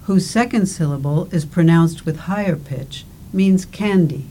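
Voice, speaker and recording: Woman narrator for a language course: slow, careful, slightly low, warm delivery. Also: rough recording. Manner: slow, deliberate, careful enunciation. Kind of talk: scripted instructional narration.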